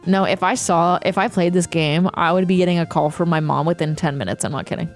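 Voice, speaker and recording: A young woman streamer chatting casually, ranting with profanity and reading chat aloud. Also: lowish voice. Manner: animated, profane, quick ranting with laughs. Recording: faint music behind.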